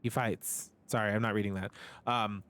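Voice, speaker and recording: A man streaming live, reading a game's story text aloud in a casual way and breaking off for quick asides to his chat. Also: lowish voice, fairly even intonation, a bit bright.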